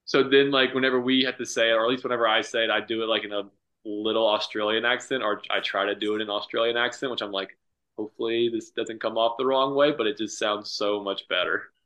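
A man's voice: lowish voice, steady tone, quick pace, sharp tone. An American man from the north-east USA, a golf professional guest, telling stories casually and saying "like" constantly. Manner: rambling, says "like" constantly. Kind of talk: casual podcast conversation. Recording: dull lo-fi sound.

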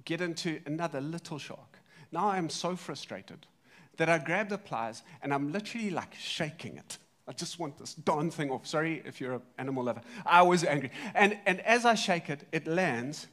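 A man preaching a sermon, telling a story in a lively way, swinging between loud and soft. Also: a little high, normal speed. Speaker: pastor.

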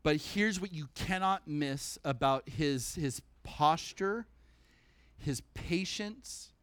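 A man preaching a sermon at a church service, animated and conversational, breaking into humorous asides. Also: on the high side, takes it slowly, no echo.

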